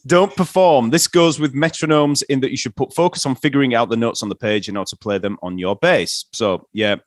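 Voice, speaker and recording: A laid-back male host reads through a list of tips, padding his talk with fillers. His voice sits at a middle pitch. The recording is dry, with no room sound. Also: fairly even intonation, fairly quick, no room sound. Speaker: interview host. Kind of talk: casual interview.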